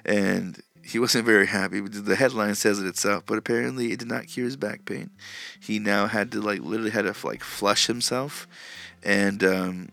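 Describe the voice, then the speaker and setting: A man's voice: on the low side, brisk, gravelly, fairly bright tone. A man hosting a solo podcast, rambling crudely in a casual monologue and often cutting himself off. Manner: crude, rambling, self-interrupting. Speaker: podcast host.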